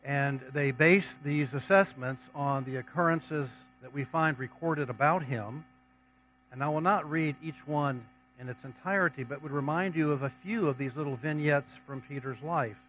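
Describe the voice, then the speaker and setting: A preacher with a slightly raised voice. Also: male voice, fairly high pitch, normal speed, a bit bright, a little hiss or hum, low-quality recording. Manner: reads scripture passages aloud, then comments on them conversationally. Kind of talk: sermon.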